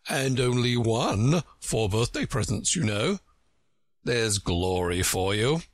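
A man's voice: mid-range voice, slow, no room sound. A man doing a pompous, scornful know-it-all. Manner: pompous, contemptuous, lively lilting delivery. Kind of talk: storybook reading.

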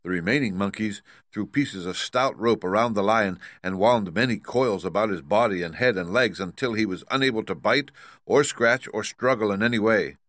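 A man narrating a storybook as an audiobook, reading in a measured storytelling way. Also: on the low side, a bit bright, dry recording. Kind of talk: scripted narration.

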